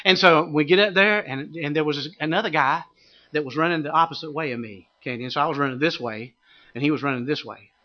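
A man's voice: fairly high pitch, quick pace, dull audio. A middle-aged male pastor preaching a sermon, telling a funny personal story and rising to fervent exhortation. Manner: animated, humorous storytelling that builds to shouted exhortation.

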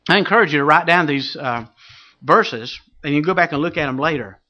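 A pastor preaching a sermon, telling a story with dramatic swings from loud to hushed. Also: male voice, a little high, brisk.

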